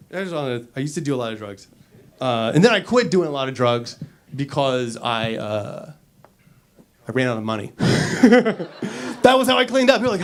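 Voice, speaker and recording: A man working a stand-up set in a comedy club, talking into a handheld stage mic. His voice sits a touch high for a man. He is brash and profane, jumping from shouted punchlines to low, mumbled asides. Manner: brash and profane, swinging between loud bursts and mumbled asides.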